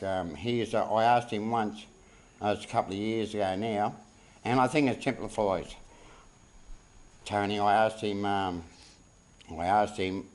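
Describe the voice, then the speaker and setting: A man giving a halting, heartfelt eulogy for his brother at a funeral, close to tears. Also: low-pitched, a little mellow, rough recording. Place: funeral service.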